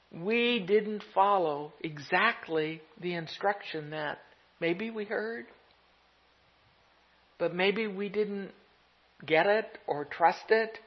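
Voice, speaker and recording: An unhurried pastor gives a gentle, reflective sermon, letting each thought settle. The recording is dull and lo-fi, with the top end muffled. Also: medium pitch. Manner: gentle, reflective preaching with soft laughs.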